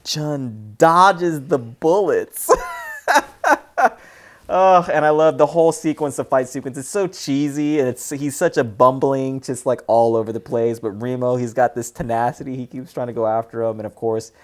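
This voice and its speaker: A podcast co-host casually retelling a movie's scenes in an animated way, often laughing. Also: medium pitch, normal speed. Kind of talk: casual movie recap chat.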